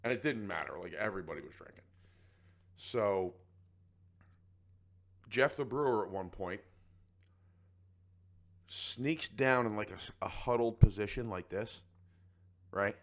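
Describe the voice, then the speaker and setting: A man's voice: lowish voice, lively intonation, unhurried, long pauses, fairly bright tone. A man co-hosting a podcast, telling a story in casual chat and acting out other people's voices. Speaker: podcast co-host.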